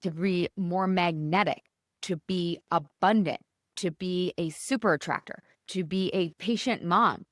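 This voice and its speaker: Speaking at a normal speed, this podcast host keeps things casual and motivational, chatting with high energy and a lively, swinging pitch. She fills her talk with "you guys" directed at listeners. The studio recording is clean and echo-free.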